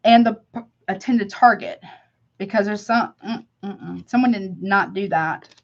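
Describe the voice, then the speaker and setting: Doing a live tarot reading, a woman chats loosely with plenty of slang, sounding sympathetic and easygoing. Her mid-range voice is creaky and moves at a moderate pace, and the audio comes across a little dull and lo-fi.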